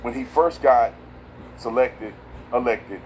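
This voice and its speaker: A man hosting a casual political commentary video, talking in an emphatic, slangy way and swinging from loud outbursts to low asides. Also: slow pace, slight background noise, low-quality recording.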